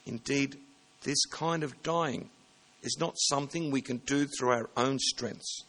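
A man's voice: medium pitch, a little slow, a bit bright. A man preaching a sermon in a plain, conversational way, sometimes stopping to correct himself. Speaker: pastor.

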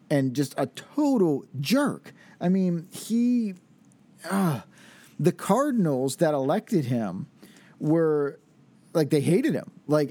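Young male lecturer, casual and rambling, reads a text and then riffs on it; mellow, slightly higher voice. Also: dry recording. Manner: rambling, filler-heavy, reads passages aloud then explains informally. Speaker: teacher. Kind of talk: casual church history lecture.

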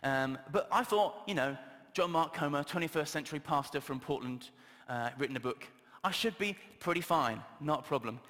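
A man's voice: fairly high pitch, normal speed, few pauses, fairly bright tone. A man giving a casual, humorous sermon, chatty and self-deprecating, with plenty of filler words. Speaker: preacher. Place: church hall. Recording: long reverb of a church hall.

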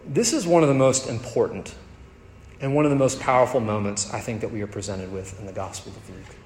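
Guy giving a sermon in a church, voice goes soft then builds up big, lots of room echo. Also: on the low side, brisk, slight background noise. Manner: dynamic preaching, dropping to soft tender tones and rising to emphatic peaks. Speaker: pastor. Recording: echoey hall with faint ambience.

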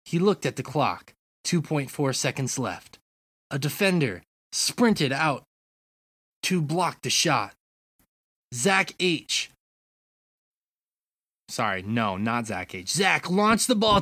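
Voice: mid-range voice, big pitch swings, a bit bright, slightly rough, no echo. A podcast co-host who teases the others and reads out a comedy sports skit. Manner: slow, teasing delivery. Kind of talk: casual chat and reading a comedy skit.

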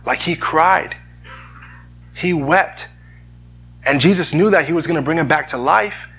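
Male pastor, husky and bright-toned, earnest sermon delivery with frequent restarts. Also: fairly high pitch, unhurried. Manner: earnest, repeats words while searching for phrasing. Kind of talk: sermon with scripture reading.

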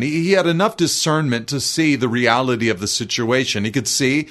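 A man preaching an expository sermon, reading scripture aloud and explaining it in a measured, teaching manner. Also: mid-range voice, animated, fairly bright tone.

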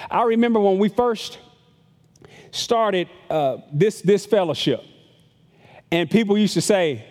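High-voiced man preaching in a reverberant church. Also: lively intonation, unhurried, pauses often, a little mellow. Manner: conversational preaching, repeats words, acts out voices of critics. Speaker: pastor. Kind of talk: sermon. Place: church sanctuary with long reverb.

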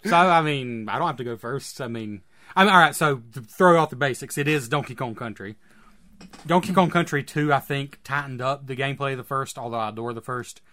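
Male co-host, mid pitch, relaxed rambling delivery. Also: brisk. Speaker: podcast co-host. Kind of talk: casual chat.

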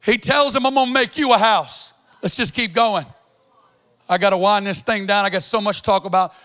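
Bright, high-voiced impassioned male preacher. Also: brisk. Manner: impassioned, sing-song preaching cadence. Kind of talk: sermon.

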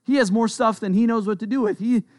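A pastor giving a sermon in an earnest, conversational way, with quick asides. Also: male voice, high voice, darkish tone, no echo, clean studio sound.

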